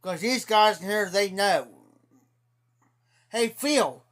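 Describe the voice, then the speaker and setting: In a casual livestream, a man with a high, somewhat bright voice and an Ohio accent spins an indignant, rambling yarn. He keeps repeating "I said," and his pace is slow and drawling.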